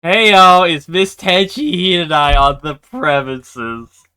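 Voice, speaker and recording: A man voicing a laid-back, cheeky female spirit courier who talks casually and loudly. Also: fairly high pitch, slow, clean tone, no room sound, clean studio sound, pitched above the performer's own voice. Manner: casual, slangy, loud.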